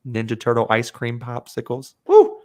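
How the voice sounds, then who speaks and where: A man hosting a podcast, telling rambling, animated stories in casual chat and swearing freely. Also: on the low side, brisk. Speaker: podcast host.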